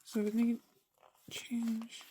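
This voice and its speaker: A woman's voice: fairly high pitch, monotone, extremely slow, mellow, breathy edge. Chatty woman sorting cash. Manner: chatty, talks to herself while sorting money. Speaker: budgeting vlogger. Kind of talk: casual chat while cash stuffing. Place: home desk.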